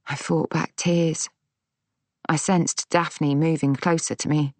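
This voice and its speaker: A woman reading a story aloud as narrator, unhurried, giving the characters' lines light voices. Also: deep voice, steady tone, dry recording. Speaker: audiobook narrator. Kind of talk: scripted narration.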